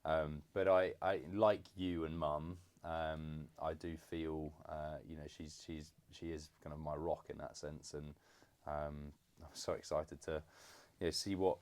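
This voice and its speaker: A young man from England in a casual podcast chat with his father, halting and full of fillers. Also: extremely low pitch, little pitch movement, clean tone. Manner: hesitant, many fillers and restarts, warm teasing. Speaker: podcast co-host, son. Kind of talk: casual conversation.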